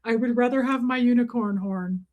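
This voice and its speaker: A woman's voice: a little high, normal speed, a little mellow, highs cut off, natural voice. A woman voicing her fussy pet dog, which whines that it won't wear a hat. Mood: petulant.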